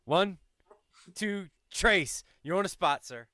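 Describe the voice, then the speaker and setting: A man's voice: high voice, expressive, takes it slowly, pushed and bright, no echo, clean studio sound. A man hosting a tabletop game livestream, chatting casually and laughing often. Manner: upbeat, laughs often, rambling. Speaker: livestream host.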